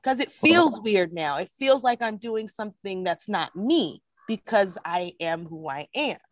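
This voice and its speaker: A woman's voice: mid-range voice, measured pace, no echo, studio quality. Emphatic woman in casual talk. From United States. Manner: emphatic, expressive. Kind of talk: casual discussion.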